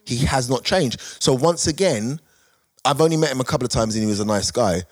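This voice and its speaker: A man, a comedian telling animated stories on a podcast panel. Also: medium pitch, brisk. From Britain. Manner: animated anecdote-telling with quoted voices. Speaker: guest comedian. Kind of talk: casual storytelling on a podcast panel. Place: studio.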